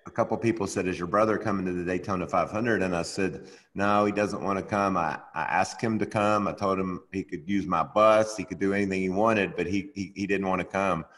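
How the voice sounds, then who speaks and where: A man's voice: deep voice, fairly even intonation, brisk, few pauses, a bit bright, big-room sound, rough recording. A man chatting in a casual, teasing way. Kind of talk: casual chat.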